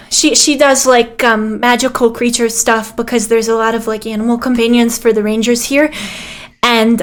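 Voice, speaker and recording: A woman voicing an eager, awkward young man with a tail who rambles excitedly. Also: a little high, close to an everyday voice.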